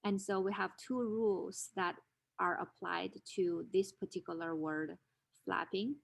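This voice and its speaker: A woman's voice: lowish voice, steady tone, a little slow, gravelly. A woman instructor giving a methodical recorded lecture, explaining rules step by step with examples. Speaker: linguistics instructor.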